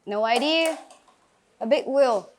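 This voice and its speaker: A woman with a Vietnamese accent leads an English class, her voice high and bright in pitch. She calls on students by name, drills new words and encourages them clearly. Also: slow pace. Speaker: English teacher. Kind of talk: classroom grammar lesson.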